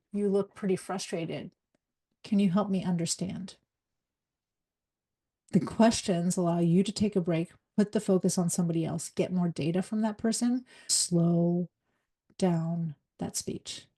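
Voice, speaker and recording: A middle-aged woman, a leadership coach and former psychologist, giving a live workshop talk in a fast, direct, energetic way. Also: mid-range voice.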